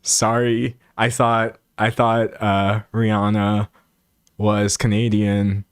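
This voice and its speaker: Animated rambling male streamer, dry sound. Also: on the low side, takes it slowly, clear, resonant tone, no room sound. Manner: animated and rambling, self-mocking, many restarts. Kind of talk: live stream commentary reading chat.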